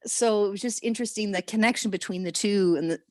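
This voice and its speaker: A woman on a video call sharing a personal experience in a rambling, emotional way, halting often with restarts. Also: medium pitch, darkish tone, no room sound, studio quality. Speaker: workshop participant.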